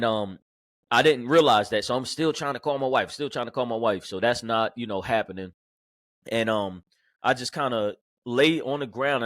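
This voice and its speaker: A male police corporal recounts his own story as a podcast guest. He speaks at a middling pitch and goes haltingly, stacking fillers and restarts. The sound is dry and close, with no room echo. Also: fairly bright tone. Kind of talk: personal storytelling in an interview.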